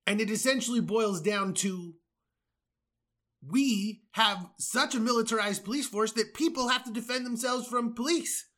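A man from the United States hosts his podcast in a furious, swearing rant. His voice sits high and sounds bright and forceful. He breaks off into mocking asides. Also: moderate pace. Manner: heated, profane, sarcastic asides. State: angry. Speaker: podcast host. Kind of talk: angry political rant.

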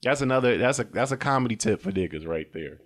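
A man's voice: medium pitch, animated, fast. A young man hosting a casual comedy podcast from a car, profane and loose, laughing often and slipping into silly voices. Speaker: podcast host.

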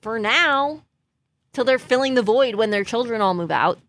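A woman's voice: fairly high pitch, expressive, normal speed, a bit bright. A woman co-hosting a comedy podcast in casual chat, hesitant and trying to steer things back to the question. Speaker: podcast co-host.

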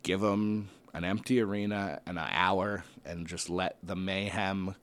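A man casually commentating and thinking aloud while ranking tag teams, weighing options with excited outbursts and playful asides. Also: low voice, measured pace. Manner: self-deprecating, playful asides. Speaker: host ranking a wrestling tag team bracket.

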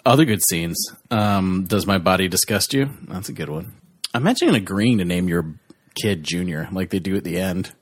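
A man's voice: deep voice, lively intonation, moderate pace. A man co-hosting a casual podcast, chatting about a film, rambling and laughing often. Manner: rambling, quotes lines in a mock voice, laughs often. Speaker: podcast co-host.

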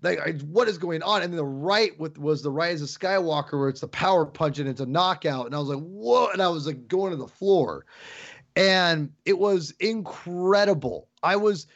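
Excitable rambling man, dull dry sound. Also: a little high, moderate pace, dry recording. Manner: excitable, rambling with many restarts. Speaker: podcast guest. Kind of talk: casual chat.

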